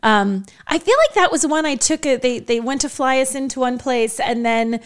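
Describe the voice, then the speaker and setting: A woman co-hosting a podcast in casual chat, an animated storyteller who laughs often and acts out other people's voices. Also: high voice, moderate pace, clear, resonant tone. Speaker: podcast co-host, car journalist.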